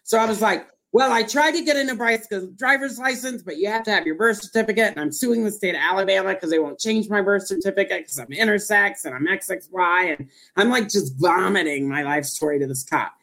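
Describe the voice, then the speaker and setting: Female host, chatty storyteller, self-deprecating and animated. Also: mid-range voice, fairly quick, few pauses. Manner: animated, rambling, self-mocking. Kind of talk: casual storytelling.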